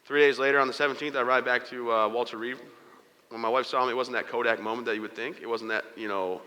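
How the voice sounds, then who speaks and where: A man's voice: mid-range voice, fairly even intonation, quick pace, bright, forceful tone. A man giving a candid, joking motivational talk, telling his own story to an audience in a large event hall. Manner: candid, joking, acts out quoted dialogue. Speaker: motivational speaker. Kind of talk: personal storytelling speech to an audience. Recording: hall reverb.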